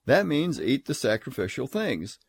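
A man giving a scripture lecture, emphatic, reading verses aloud in a measured, solemn tone. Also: medium pitch, sing-song, vocal fry, slightly rough, no room sound. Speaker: Bible teacher.

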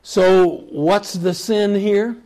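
A man leads a Bible study with a slightly raised pitch. He talks slowly, retelling scripture stories in a reflective way and reading passages aloud with steady pauses. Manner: slow, reflective storytelling with chuckles. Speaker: Bible teacher.

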